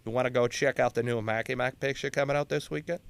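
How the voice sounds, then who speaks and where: A man voicing a crude, excitable blue-collar male construction worker with a Boston accent. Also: medium pitch, quick pace, gravelly, smooth, no echo, lightly acted. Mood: excited.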